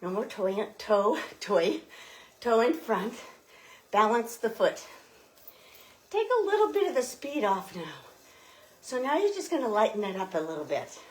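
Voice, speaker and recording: A woman's voice: on the high side, sing-song, measured pace, long pauses. A woman fitness instructor leading a cycling workout while riding, slightly out of breath, giving encouraging coaching cues.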